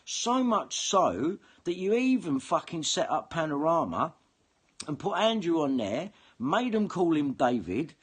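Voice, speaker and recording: A husky, slightly high-pitched male voice carries this angry to-camera rant by an online video commentator. Heavy swearing, a combative edge, and frequent repetition mark the monologue.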